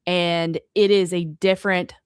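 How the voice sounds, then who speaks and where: A woman's voice: fairly low pitch, flat delivery, unhurried, clear, resonant tone, dry recording, studio quality. A woman podcast host talking casually on a remote call in an agreeable, affirming way. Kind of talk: casual conversation. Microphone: remote streaming call.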